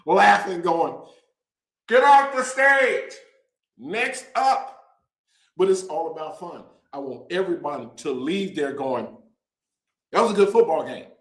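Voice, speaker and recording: Joking trash-talking guy hyping up his viewers, kinda high voice, echoey room. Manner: animated, joking, trash-talking with drawn-out emphasis. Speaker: host. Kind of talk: casual direct-to-camera promo talk.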